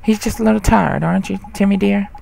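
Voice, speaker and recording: Doting older woman, a man voicing her, fussy and cooing, a touch higher. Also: quick pace, vocal fry, warm tone, slight background noise.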